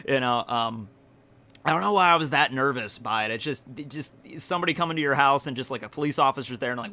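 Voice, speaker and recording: An excitable man in his twenties tells a story with a bright, forceful voice. He swears freely as he goes, and his voice sits a little high. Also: fast talker. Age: 20s. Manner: excitable, swears often, laughs through the story. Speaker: YouTuber. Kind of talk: casual storytelling vlog.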